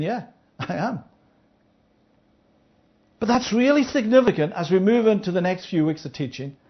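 A Bible teacher leading an interactive study, checking in with listeners and acting out the parable's speakers. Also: mid-range voice. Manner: checks in with listeners, asking "Yeah?"; acts out the parable's speakers in lively voices. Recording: dull lo-fi recording.

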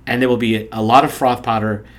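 A man's voice: medium pitch, steady tone, fast. An older man hosting a casual talk show, joking and rambling with lots of fillers and restarts. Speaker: radio show host. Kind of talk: casual comic chat. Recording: faint background noise.

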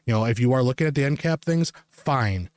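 A man's voice: mid-range voice, expressive, brisk, a little mellow, dry recording. Ranting, profane man in a dry room. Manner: profane, emphatic, rambling with many fillers. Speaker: podcast co-host. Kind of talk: ranting anecdote to co-hosts.

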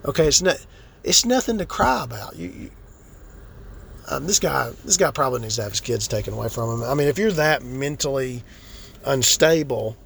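Casual vlogger, a man with a raspy, gravelly edge, blunt and cussing freely. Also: medium pitch, lively intonation, moderate pace, fairly bright tone, a little hiss or hum. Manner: profane, blunt, exasperated. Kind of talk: casual ranting vlog.

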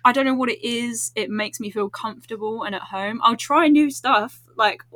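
A woman's voice: fairly high pitch, normal speed, pushed and bright, no room sound. A woman chatting as a podcast guest, bubbly and giggly. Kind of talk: casual podcast chat.

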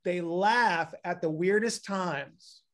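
A man with a somewhat high voice explains breathing in an easy, patient way. He acts out the sighs he describes as he goes. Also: slow, a bit bright. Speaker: breathing expert. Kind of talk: casual advice conversation.

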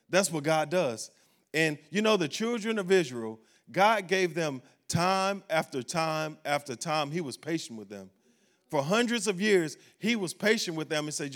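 A pastor with a slightly higher-than-typical male voice delivers an expressive sermon at normal speed in a church sanctuary. His emphatic style relies on repeating key phrases to hammer home every point.

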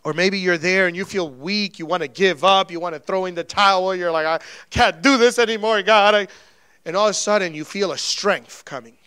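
Casting note: male pastor with a high voice, preaching casually with sudden loud and soft swings, dry close sound. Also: fairly even intonation, fairly quick, clean tone, no room sound. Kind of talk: sermon.

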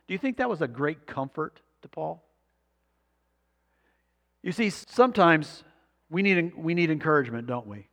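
A man's voice: on the high side, expressive, normal speed, long pauses, fairly bright tone, big-room sound. A man preaching a sermon, reading scripture aloud and asking the congregation rhetorical questions. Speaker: pastor.

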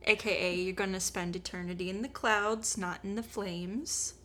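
A woman's voice: medium pitch, steady tone, moderate pace, sharp tone, slight background noise, close to an everyday voice. Woman playing a sassy slangy Jesus. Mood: coaxing. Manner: slangy, teasing, casual. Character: laid-back sassy modern-day Jesus, man. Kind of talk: comedic Bible retelling.

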